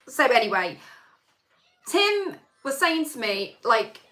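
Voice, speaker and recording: A woman chats on a live stream, telling a long, rambling story full of fillers. Her voice sits a little high and sounds strikingly bright and sharp. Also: sing-song, slow. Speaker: singer hosting a live chat stream. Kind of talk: casual live-stream chat.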